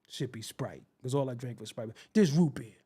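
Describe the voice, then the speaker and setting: A man hosting his show, telling a comedic, profane story in an animated way and acting out the quoted voices. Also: mid-range voice, normal speed, husky. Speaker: show host.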